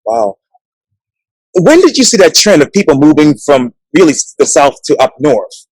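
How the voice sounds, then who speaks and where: Lively high-voiced male interviewer. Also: normal speed, low-quality recording. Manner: brief prompts and reactions. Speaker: interviewer host. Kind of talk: interview questions.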